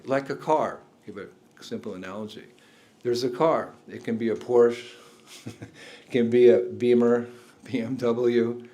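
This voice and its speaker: A man's voice: fairly low pitch, a little mellow. An older man, a spiritual teacher, giving a talk indoors to a room of listeners, chuckling often and asking them questions.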